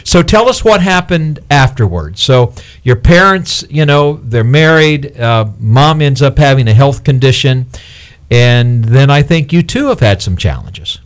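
A man hosts a conversational interview. He speaks slowly and reflectively, with a mid-pitched voice and frequent affirming murmurs. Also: lively intonation. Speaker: host.

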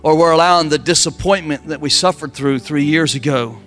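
A man's voice: a little high, a little fast, a bit bright, soft background music. A man preaching a sermon, calling on the congregation to answer back. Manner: preaching with call-and-response. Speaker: pastor.

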